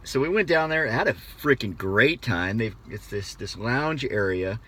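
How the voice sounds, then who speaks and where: An American man telling a personal story in a casual, animated way, often restarting his phrases. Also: medium pitch, a little slow, slightly rough. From United States. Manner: animated, conversational, with frequent restarts. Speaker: motivational speaker.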